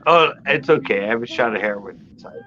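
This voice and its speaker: A man's voice: mid-range voice, animated, fast talker, pushed and bright. A middle-aged man chats casually on a livestream, telling stories and laughing often. The sound is a little dull, with faint noise behind him. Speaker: guest.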